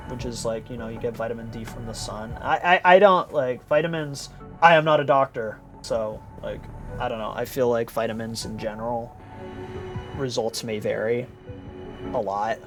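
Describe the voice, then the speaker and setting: A man's voice: medium pitch, a bit bright. A tired young man streaming live, chatting casually with viewers in a rambling, giggly way and playfully repeating words.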